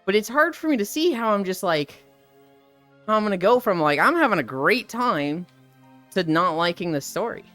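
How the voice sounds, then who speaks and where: A woman's voice: mid-range voice, normal speed, soft background music. A young woman streamer chatting casually and animatedly, swearing freely as she rants about a game's story. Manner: animated, profane, ranting about a game story. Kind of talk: casual live-stream chat.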